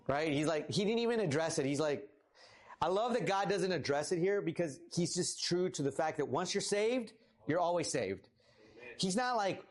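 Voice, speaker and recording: A man in his thirties preaching a casual sermon as pastor, lively and talkative, rising for emphasis. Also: fairly quick. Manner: casual, animated, rises in pitch for emphasis. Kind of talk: conversational sermon.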